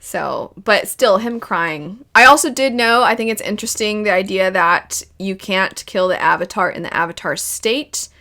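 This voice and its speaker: A woman in the middle of her range talks through a cartoon series in a loose, chatty commentary. She is animated and emotional as she goes, and she laughs often. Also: mid-range voice, normal speed, hardly any pauses. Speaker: video host reviewing a cartoon series. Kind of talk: casual reaction commentary.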